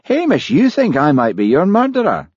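A man voicing an affable, playful gentleman with a genial manner. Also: on the high side, huge pitch swings, normal speed, breathy edge, no room sound, muffled recording, pitched above the performer's own voice, exaggerated voice. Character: affable, teasing older gentleman.

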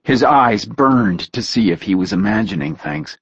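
A man reading a story aloud in a steady, measured narration. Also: medium pitch, vocal fry, husky, dry recording, dull audio. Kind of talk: audiobook narration.

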